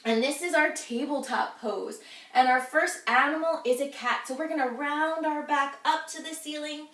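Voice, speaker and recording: A woman with a high voice leads a children's yoga class, talking the kids through each pose in a cheerful, encouraging way. She sounds set back from the mic, and her voice rings around an echoey room. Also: moderate pace, fairly bright tone, recorded from a distance. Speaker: kids' yoga instructor.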